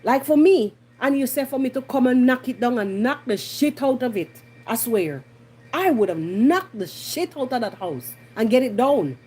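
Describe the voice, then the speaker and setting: Husky, animated Jamaican woman. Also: high voice, normal speed, faint music behind. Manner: animated, blunt, slipping into patois. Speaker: podcast host. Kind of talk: casual commentary monologue.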